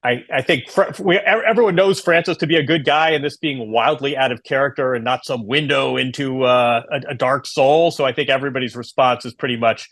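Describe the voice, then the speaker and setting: A man co-hosting a chat podcast in an ordinary mid-range voice. He talks in a measured, analytical way and drops in wry turns of phrase. The recording is dry and close. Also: medium pitch, fairly bright tone, no room sound. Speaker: podcast co-host. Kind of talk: casual chat.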